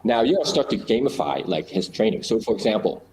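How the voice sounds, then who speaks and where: A man's voice: fairly low pitch, very animated, quick pace, darkish tone, a little hiss or hum, rough recording. A man in a casual chat, explaining ideas through little acted-out stories, with many fillers and restarts.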